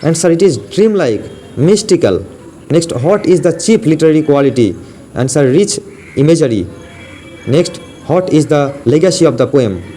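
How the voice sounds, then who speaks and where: A man with an Indian English accent teaching an exam-prep lesson, asking each question and then repeating its answer in a steady drill. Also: fairly high pitch, normal speed, soft background music. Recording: faint background noise.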